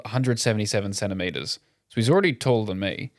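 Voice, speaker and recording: A young man co-hosting a podcast, chatting casually and telling animated, sweary stories. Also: fairly low pitch, fast, no echo, clean studio sound. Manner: storytelling, swearing, animated quoted voices. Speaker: podcast co-host. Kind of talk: casual chat.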